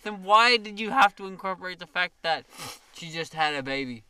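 A man co-hosting a casual podcast, answering in dry, deadpan mock-disapproval. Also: sits high, moderate pace, smooth, no room sound. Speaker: podcast co-host. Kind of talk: casual chat.

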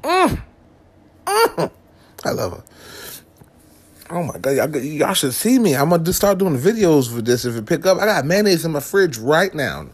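A man's voice: on the high side, lively intonation, fairly quick, few pauses, husky. A man ranting to the camera in a profane comic vlog, with lots of swearing, restarts and asides. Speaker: vlogger.

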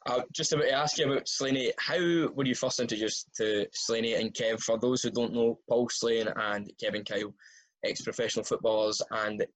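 A man's voice: medium pitch, fairly even intonation, a little fast, fairly bright tone, low-quality recording. A man interviewing a guest in an easygoing way, laughing along with him. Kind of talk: interview questions.

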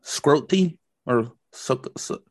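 A man's voice: medium pitch, animated, drawn-out words, dry recording. A man co-hosts a casual podcast, rambling along and acting out voices in his stories. His voice sits in a middle range and is recorded close and dry. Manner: rambling, acts out quotes. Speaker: podcast co-host. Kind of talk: casual chat.

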